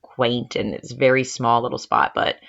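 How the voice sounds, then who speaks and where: A woman co-hosts a podcast in a chatty, upbeat way and laughs easily. Her voice has a gravelly fry, and the recording sounds somewhat dull and lo-fi. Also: extremely low pitch, fairly even intonation, normal speed, a bit bright. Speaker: podcast co-host. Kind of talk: casual chat.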